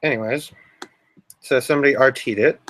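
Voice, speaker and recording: A man's voice: medium pitch, a little fast, fairly bright tone, no room sound. A man hosting a casual livestream, rambling and meandering, now and then humming a sing-song tune. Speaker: livestream host.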